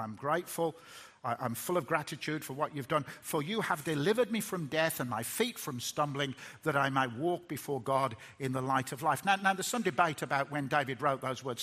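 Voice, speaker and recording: A middle-aged man preaches a sermon earnestly in a fairly high, slightly rough voice. He often restarts words and swings between loud emphasis and hushed tones.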